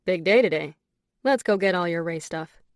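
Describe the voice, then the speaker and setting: Woman voicing a low murmuring lover man. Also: expressive, moderate pace, no room sound, studio quality, natural voice. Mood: cheerful. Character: confident seductive adult man, tender lover.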